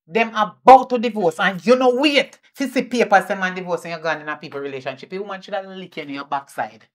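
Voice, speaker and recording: Woman acting as a fierce Jamaican mother, scolding, loud then muttering, mid-pitched voice. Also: natural voice. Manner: scolding, swings between shouting and muttering. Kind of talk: indie film acting.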